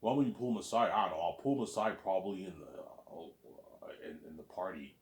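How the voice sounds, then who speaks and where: A man's voice: low voice, expressive, fairly quick, echoey room. A man hosting his own listening series, rambling in a casual, boastful monologue and often repeating words as he restarts.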